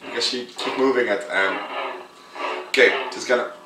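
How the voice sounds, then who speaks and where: A man rambling casually through a toy unboxing vlog, chatty and self-mocking, his voice a little hoarse. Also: mid-range voice, fairly even intonation, normal speed, background noise. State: slightly hoarse voice. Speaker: vlogger reviewing a toy. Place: room indoors. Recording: echoey room, mic at a distance.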